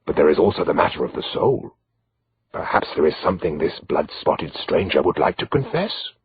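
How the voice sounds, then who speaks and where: A man's voice: very deep voice, very animated, moderate pace, slightly rough, dry recording, voice pushed down, heavily acted. Stern portly priest, voiced by a man. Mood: dry. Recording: slightly dull lo-fi recording.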